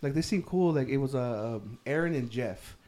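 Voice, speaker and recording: A young man chatting casually with friends tells a rambling, profanity-filled story, laughing as he goes. His mid-range voice is animated and mellow, at a moderate pace.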